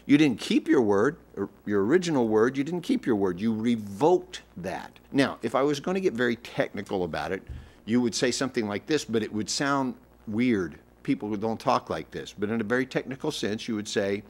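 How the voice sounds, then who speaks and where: A man's voice: fairly low pitch, animated, a little fast, darkish tone. Emphatic man teaching a relationship talk. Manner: emphatic, repeats and rephrases points; coaching, acts out example phrasings.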